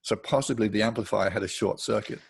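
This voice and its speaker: An older Englishman with a gravelly, husky voice tells anecdotes in a relaxed interview. He sits slightly low in pitch, chatty and quick to laugh. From England. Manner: chatty, laughs often while telling anecdotes. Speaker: guitarist guest. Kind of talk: casual interview storytelling.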